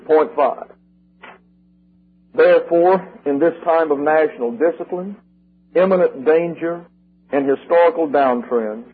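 An older man preaching a sermon, working through numbered points and repeating key slogans slowly and with emphasis, with a husky voice. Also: a little high. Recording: tinny lo-fi radio broadcast.

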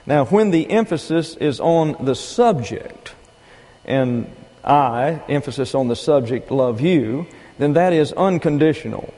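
Older preacher in a reverberant hall. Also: male voice, a little high, animated, dark tone. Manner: deliberate, emphatic teaching with pauses and asides. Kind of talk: sermon. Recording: long reverb of a large hall.

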